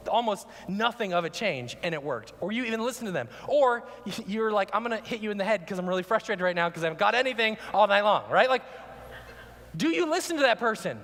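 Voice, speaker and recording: Animated high-voiced male pastor preaching. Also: big-room sound. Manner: animated, conversational preaching with rhetorical questions. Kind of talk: sermon. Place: church sanctuary.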